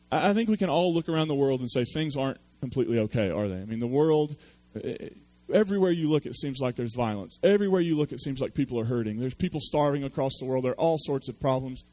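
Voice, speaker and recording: A man's voice: on the high side, expressive, fast talker, warm tone. A man preaching a sermon, telling a story with self-deprecating humor. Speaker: pastor.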